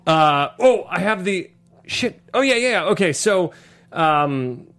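High-voiced man hosting a podcast. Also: expressive, takes it slowly, fairly bright tone. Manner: rambling, swears often, laughs a lot. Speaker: podcast host. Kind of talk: casual comedic chat about films.

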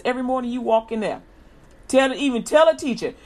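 A woman's voice: on the high side, brisk. Woman giving a casual, repetitive pep sermon. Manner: colloquial, repeats a slogan, acts out lively quoted greetings. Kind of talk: informal inspirational sermon.

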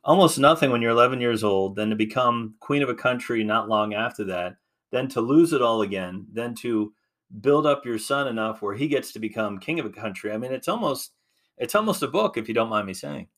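A man's voice: medium pitch, expressive, fairly quick, fairly bright tone. A man hosting a podcast interview, asking questions casually and affirming his guest often. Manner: affirming, with frequent backchannel "mm-hmm". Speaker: podcast host.

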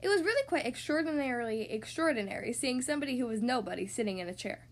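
A woman hosting a podcast who reads picture books aloud to young children, with gentle, expressive storytelling. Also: fairly high pitch, fast. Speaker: podcast host reading to kids.

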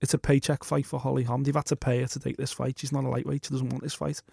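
A man's voice: medium pitch, level tone, fast talker, creaky, mellow, breathy edge, dry recording, studio quality. A man co-hosting a casual fight podcast, blunt and opinionated, swearing freely. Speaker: podcast co-host. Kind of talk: casual sports podcast chat.

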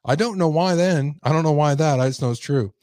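A man's voice: fairly high pitch, a little fast, a little mellow, no echo, clean studio sound. A male podcast host who reads news articles aloud and breaks in with sarcastic asides. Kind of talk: reading news aloud with commentary.

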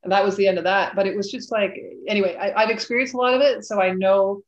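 A woman's voice: medium pitch, fairly even intonation, fast talker, highs cut off. A woman author speaking as a guest in a casual interview, earnest and thoughtful, with frequent fillers.

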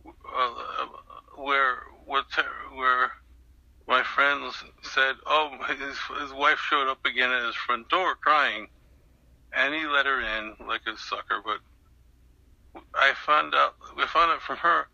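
A man's voice: mid-range voice, fairly even intonation, takes it slowly, vocal fry, pushed and bright, dry recording, muffled recording. An older man being interviewed, telling a long story in a rambling way with many restarts and fillers. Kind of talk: recounting an anecdote in an interview.

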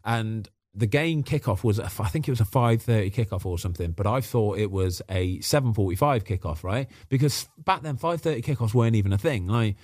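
A man, a podcast guest and former goalkeeper, telling chatty stories in a lively way and acting out the quotes. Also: fairly low pitch, fairly quick, few pauses, no echo, clean studio sound. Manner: animated, acts out quotes, chatty. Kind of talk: casual storytelling.

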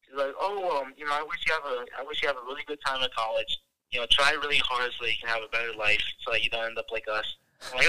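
A young man from Wisconsin tells a story in a loose, rambling way, with lots of swearing and filler words. His voice is very bright and sharp, at an ordinary pitch. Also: fast talker, smooth, low-quality recording. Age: young adult. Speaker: podcast guest telling a story. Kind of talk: casual storytelling.

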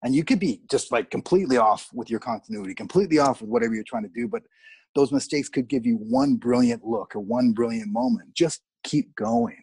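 A middle-aged man from Canada, an actor, telling candid, animated stories about film sets in a casual interview and swearing freely. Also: mid-range voice, a little fast, slightly rough, dry recording. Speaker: actor guest.

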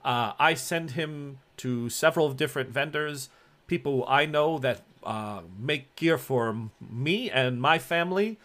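A man's voice: medium pitch, unhurried, fairly bright tone, natural voice. Polite middle-aged guide in a tabletop game, broken English, slight accent, voiced by a man. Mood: reassuring. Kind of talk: tabletop role-play acting.

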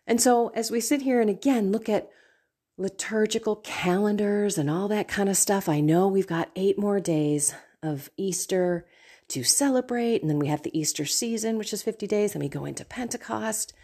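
A woman's voice: medium pitch, normal speed, mellow, slightly rough. A woman hosting a podcast, talking through a casual faith reflection, chatty and laughing often as she acts out quoted voices. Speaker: podcast host.

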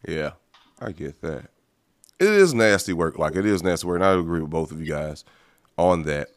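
A man's voice: low-pitched, animated, normal speed. A man co-hosting a podcast who talks casually and rambles, hedging his points and swearing now and then. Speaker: podcast co-host. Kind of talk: casual political chat.

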